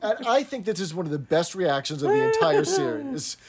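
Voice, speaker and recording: A man co-hosting a podcast in casual chat, recapping scenes with animated delivery. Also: high-pitched, a little fast, over a noisy crowd. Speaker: podcast co-host.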